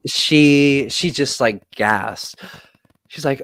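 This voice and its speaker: A young man telling stories in a casual chat, animated, quoting people, swearing and laughing often. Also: lowish voice, moderate pace, slight background noise, poor audio. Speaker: podcast guest.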